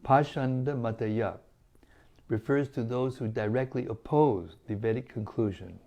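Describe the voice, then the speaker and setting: Mellow-voiced man reading scripture aloud. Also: mid-range voice, measured pace. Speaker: scripture reader.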